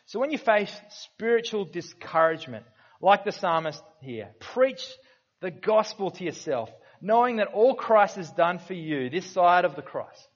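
A pastor preaching in an earnest, conversational way, often stopping to restart a thought. His voice sits a little high for a man. The recording is dull and lo-fi. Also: expressive, normal speed. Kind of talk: sermon.

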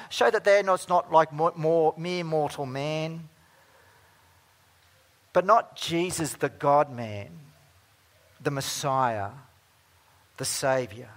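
A man preaching a sermon as pastor, earnest, moving between emphatic stretches and hushed ones. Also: a little high.

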